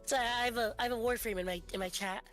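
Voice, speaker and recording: A woman guest on a game stream, rambling through goofy stories and quick asides. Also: fairly high pitch, steady tone, a bit bright, faint music behind. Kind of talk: casual chat while gaming.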